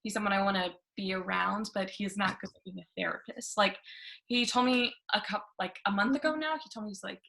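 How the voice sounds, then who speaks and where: Bright, laughing young comedian woman. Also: medium pitch, a little fast, gravelly, a little hiss or hum. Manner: self-mocking, laughs through her punchlines. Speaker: stand-up comedian. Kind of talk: stand-up set on a video call. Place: her living room. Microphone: webcam on a video call.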